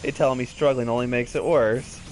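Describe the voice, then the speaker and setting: A man reading a gloating male traitor villain in a loud, mock-theatrical way. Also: medium pitch, fairly even intonation, moderate pace, a little hiss or hum, lightly acted.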